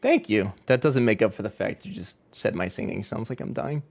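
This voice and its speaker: A man's voice: lowish voice, very animated, brisk, vocal fry. A man streaming a game from home, chatting casually with his viewers and joking with lots of swearing. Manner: joking and profane, talks back to chat. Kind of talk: casual live-stream chat.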